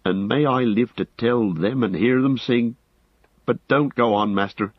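A man voicing a loyal, eager male hobbit servant, talking breathless and excited. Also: mid-range voice, measured pace, no room sound, dull audio, voice pushed up, lightly acted. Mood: urgent.

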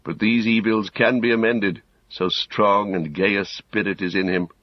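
A wise, kingly healer speaks gently and solemnly, voiced by a man reading a storybook. The voice is deep and husky. It's recorded dry and a little dull. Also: moderate pace, dry recording, natural voice. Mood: solemn, kind. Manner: calm, solemn, reassuring.

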